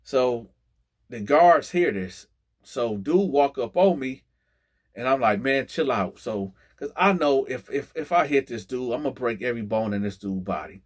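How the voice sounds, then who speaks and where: A man telling a story in a casual storytime vlog, animated and acting out the people in it. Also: medium pitch, moderate pace.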